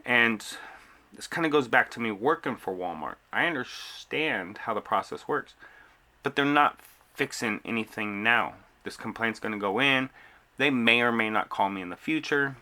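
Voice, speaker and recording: A man's voice: mid-range voice, sharp tone. A man in a casual venting vlog, frustrated, retelling a long back-and-forth with customer service and store staff. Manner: frustrated, retelling conversations with quoted exchanges. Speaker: delivery driver venting to camera.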